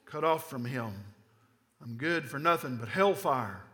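Bright-voiced Southern pastor preaching emphatically. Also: male voice, mid-range voice, expressive, a little slow. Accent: Southern American. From American South. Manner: emphatic, rhetorical questions, repetition. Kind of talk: sermon. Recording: long reverb of a large hall.

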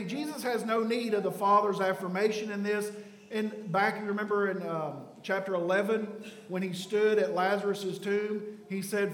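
Male pastor, high-pitched, emphatic sermon delivery; reverberant sanctuary sound. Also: fairly even intonation, moderate pace. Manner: emphatic preaching, swings from loud to hushed. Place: church sanctuary. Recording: echoey church hall.

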